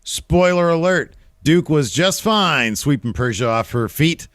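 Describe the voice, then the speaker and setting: A man's voice: a little high, animated, a little slow, a bit bright, no room sound, studio quality. A man in his thirties co-hosting a casual podcast, chatting in a rambling, self-mocking way. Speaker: co-host.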